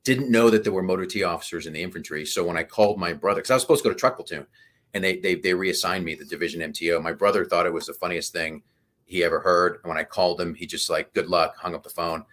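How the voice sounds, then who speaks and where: A man in his fifties, a podcast guest telling animated stories in casual conversation. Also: deep voice, fast.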